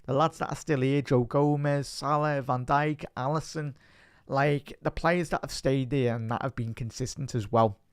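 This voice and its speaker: A young Scouse man giving a heartfelt, rambling fan reaction, full of restarts. His voice sits at a middling pitch. The sound is close and dry. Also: steady tone, moderate pace, clean tone, dry recording. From Liverpool, England. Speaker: fan channel presenter. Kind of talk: casual reaction talk.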